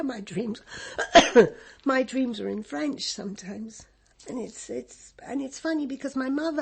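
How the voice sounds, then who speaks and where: Older lady w english accent, super husky gravelly voice, kinda high, rambly chat w lots of laughs. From Egypt. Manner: rambling, laughing often, with many restarts. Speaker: interviewee. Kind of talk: reminiscing in a casual interview.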